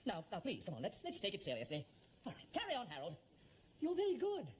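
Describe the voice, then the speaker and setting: An actor playing a fussy amateur theatre director who gushes and stammers. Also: male voice, sits high, wildly swooping pitch, fast talker. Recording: noisy old TV soundtrack.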